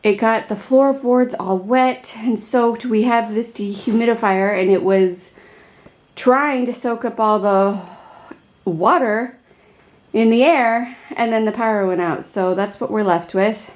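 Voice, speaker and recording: A woman's voice: fairly high pitch, unhurried, a little mellow. A woman in her thirties talking candidly to camera in a casual home vlog, chatting directly to her viewers. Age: 30s. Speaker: vlogger.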